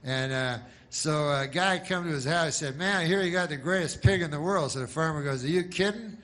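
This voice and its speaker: A man doing a stand-up set, deadpan and halting, with many false starts. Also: on the high side. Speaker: stand-up comedian.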